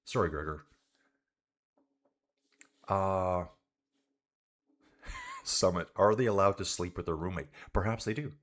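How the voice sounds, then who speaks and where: Deep-voiced laid-back Canadian man. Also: huge pitch swings, slow, long pauses, a bit bright. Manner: laid-back, says "dude" a lot, chats with viewers. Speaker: cycling livestream commentator. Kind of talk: casual live race commentary and chat.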